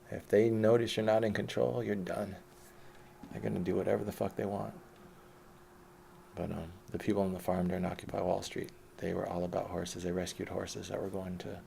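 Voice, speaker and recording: A man's voice: deep voice, gravelly, warm tone, a little hiss or hum. A man telling his life story in a rambling, profane, casual monologue.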